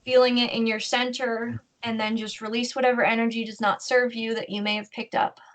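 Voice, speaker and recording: A woman co-hosting a podcast, slowly guiding listeners through a meditation in a soothing, instructive way. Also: on the high side, flat delivery, fairly bright tone. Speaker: podcast co-host. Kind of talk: guided meditation.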